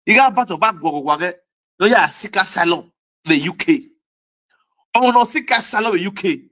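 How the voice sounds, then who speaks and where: A man's voice: high voice, animated, brisk, pauses often, pushed and bright. A man with a Nigerian accent giving a heated, repetitive vlog rant as a social media commentator, scolding his viewers. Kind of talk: ranting vlog monologue.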